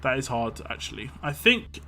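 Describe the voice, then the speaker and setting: With soft music in the background, a British man rambles casually through a live stream of a mobile game, reading chat comments aloud as he goes. His mid-range voice swings widely in pitch, sounds creaky and sharp, and moves at a normal speed.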